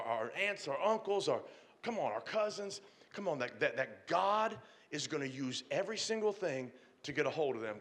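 A man pastor preaching a sermon with call-and-response, swinging from shouted lines to hushed ones. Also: on the high side.

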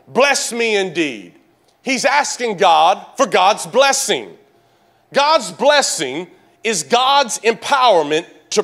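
High, bright preacher man in his 60s. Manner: animated preaching with comic storytelling, calls to the congregation. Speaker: pastor. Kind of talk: sermon.

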